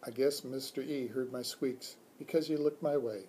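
A man from a school reading a children's book aloud in a calm, measured storytelling manner. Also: medium pitch, a little hiss or hum. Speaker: school staff reader.

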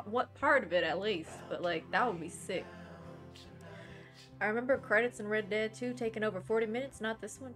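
Excitable game streamer, fake accent, music underneath, woman. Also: fairly high pitch. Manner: put-on bad accent, excitable and chatty. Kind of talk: live game commentary.

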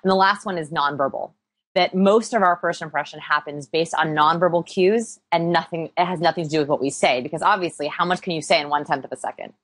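A woman with a low-pitched voice talks fast as a guest in a conversational interview. A people-skills researcher, she explains things with upbeat energy and self-deprecating humor.

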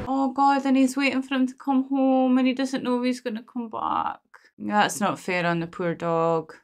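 A woman's voice: fairly high pitch, normal speed, background noise. Emotional woman reacting to a film. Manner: emotional, talks to the screen. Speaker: movie reaction host. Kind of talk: casual reaction commentary. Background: film soundtrack music.

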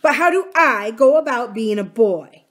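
A woman voicing a bossy, defiant tomboy girl in a storybook reading, with a sharp, scornful child voice. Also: on the high side, expressive, moderate pace, voice pushed up.

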